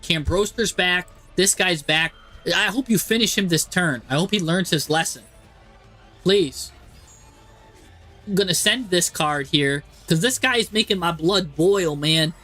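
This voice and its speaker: A man streams live, commentating a card game match and addressing the players on screen in an exasperated, animated way. His voice is high-pitched and a little slow, with long pauses and soft music in the background.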